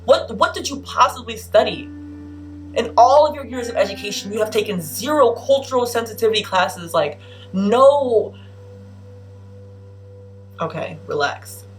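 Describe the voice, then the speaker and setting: A woman in her twenties vlogging, telling a story in an animated, exasperated, emphatic way. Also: a little high, measured pace, pauses often, faint music behind. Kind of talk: casual storytelling vlog.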